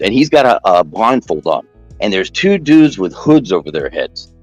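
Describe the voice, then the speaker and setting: A man telling a long story in casual chat, rambling and animated, jumping up in pitch when he quotes people. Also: no echo, poor audio.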